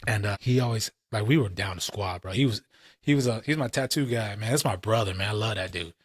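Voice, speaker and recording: A man's voice: on the low side, quick pace, breathy edge, no echo, clean studio sound. Slangy, profane man on a podcast. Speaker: podcast co-host. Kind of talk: casual podcast chat.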